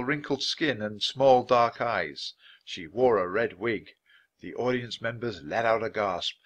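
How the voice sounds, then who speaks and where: Expressive man reading a children's book. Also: mid-range voice. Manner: clear, steady, expressive. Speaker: story reader.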